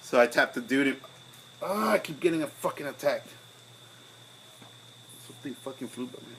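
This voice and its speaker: A young man, co-hosting a casual podcast over beers, telling a profane story and acting out his own angry shouting. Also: mid-range voice, animated, normal speed, slight background noise, low-quality recording. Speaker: podcast co-host.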